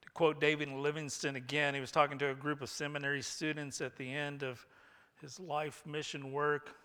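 A male pastor preaching a sermon, emphatic, moving between hushed, slowed phrases and loud bursts. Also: on the high side, level tone, clear, resonant tone, long reverb tail.

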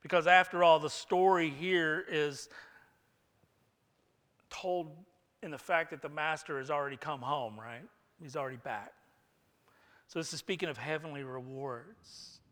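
Brief: male pastor, slightly high and very bright voice, emphatic sermon delivery. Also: fairly even intonation, long reverb tail. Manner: emphatic, moving between hushed, slow phrases and loud bursts.

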